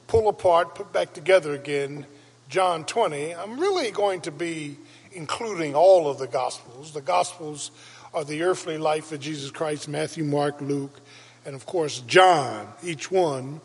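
Slow husky pastor guy preaching in a big echoey church, swings up into shouts. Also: fairly high pitch. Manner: preaching with dramatic rises into shouts. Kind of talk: Easter sermon. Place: church sanctuary. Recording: reverberant church hall.

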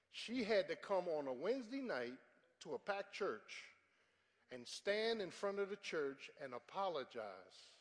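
A middle-aged man preaching a sermon as pastor, animated with sudden shouted peaks. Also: high-pitched. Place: large church sanctuary. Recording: church hall with long reverb.

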